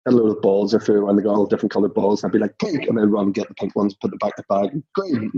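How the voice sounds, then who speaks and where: A man's voice: fairly low pitch, little pitch movement, racing, dark tone, breathy edge, muffled recording. A Northern Irish man in his thirties, a podcast guest telling chuckling anecdotes in casual chat. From Northern Ireland.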